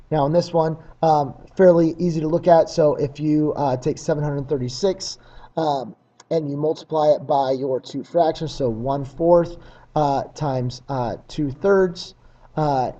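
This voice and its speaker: Man giving a test-prep lesson, mellow tone. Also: a little high, dull audio. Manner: plain, practical, with many filler uhs and ums.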